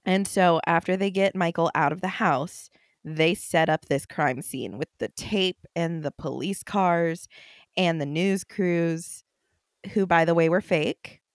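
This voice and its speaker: A woman hosting a podcast, casually retelling a story to her co-host in a chatty, relaxed way with fillers. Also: lowish voice, measured pace, no echo, clean studio sound.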